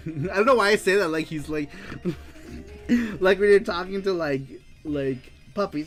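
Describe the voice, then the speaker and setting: A man's voice: sits high, unhurried, soft background music. A man hosting a casual retro game livestream, reading viewer answers aloud with frequent laughter. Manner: animated, laughs often, reads aloud.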